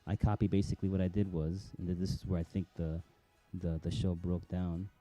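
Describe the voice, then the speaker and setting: A man's voice: deep voice, level tone, a little fast, mellow, soft background music. A middle-aged man from New Jersey hosting a vlog, chatty and self-mocking, rambling with many restarts. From New Jersey, USA. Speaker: vlog host. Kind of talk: casual rambling vlog talk.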